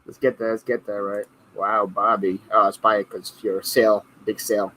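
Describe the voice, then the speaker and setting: A man's voice: fairly low pitch, little pitch movement, a little fast, pushed and bright, a little hiss or hum, poor audio. A man hosting a casual reselling livestream, who reads viewer comments aloud and laughs often. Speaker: livestream host.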